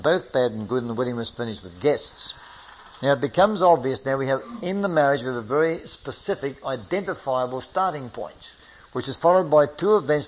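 A man teaching a Bible study at a board, with a voice of middling pitch. He talks in a measured, questioning way, stopping often to ask his listeners and reading the verses aloud. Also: rough recording.

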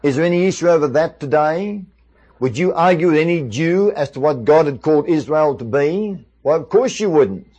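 A man's voice: on the high side, expressive, moderate pace, darkish tone, breathy edge. A male preacher giving a sermon, asking his listeners one rhetorical question after another. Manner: many rhetorical questions to the audience.

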